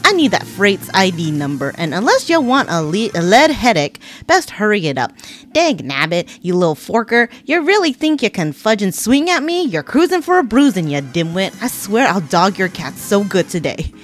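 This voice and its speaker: A woman puts on a swaggering game cowboy with a folksy drawl who softens his own cussing into silly substitutes. The delivery swoops and bounces from line to line. Faint music plays behind him. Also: mid-range voice, big pitch swings, normal speed, natural voice. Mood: gruff blustering. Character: brash Southern cowboy man, swaggering.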